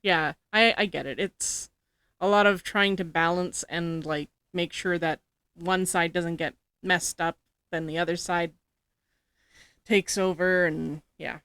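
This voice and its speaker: A woman's voice: lowish voice, steady tone, a little slow, a bit bright, smooth, dry recording. A woman co-playing in a casual let's-play chat, easygoing and agreeing along. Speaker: co-player.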